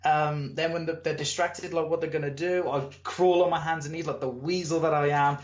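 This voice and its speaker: Wrestler dude talking animated, bit high voice, echoey muffled room. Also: male voice, a little fast. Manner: animated storyteller, acts out crowd and promoter; swears casually. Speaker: wrestler, interview guest. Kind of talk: casual storytelling interview.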